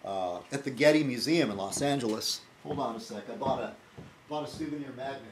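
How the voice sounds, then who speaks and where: A man's voice: mid-range voice, a little fast, a little hiss or hum. A man talking casually in his weekly video blog, rambling and wry, with frequent fillers and restarts. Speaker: video blogger.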